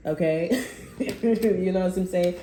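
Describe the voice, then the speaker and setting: A woman's voice: on the low side, takes it slowly, mellow. A woman doing a casual tarot reading to camera, talking bluntly and with plenty of swearing and fillers. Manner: blunt and profane, lots of fillers. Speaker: tarot reader. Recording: roomy echo, faint background noise.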